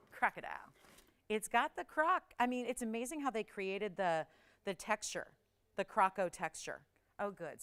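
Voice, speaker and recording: A woman hosting a live jewelry shopping show, chatty and excitable, often laughing and talking to callers and operators. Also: mid-range voice.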